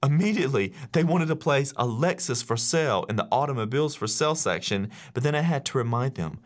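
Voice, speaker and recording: Lively storytelling male teacher. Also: mid-range voice, brisk. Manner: animated, acts out quoted voices. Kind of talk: storytelling speech.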